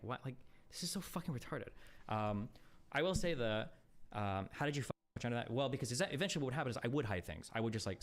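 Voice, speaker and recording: A man talking casually on a livestream, rambling with lots of fillers and swearing, blunt and exasperated. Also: on the low side. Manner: rapid, rambling, profane, heavy fillers. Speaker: streamer.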